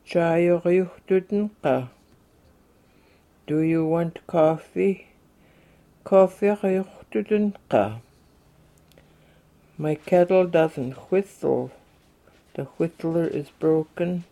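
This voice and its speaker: A man slowly reading short everyday phrases in English, then saying each one in his native language for a language lesson. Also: on the high side, vocal fry, mellow.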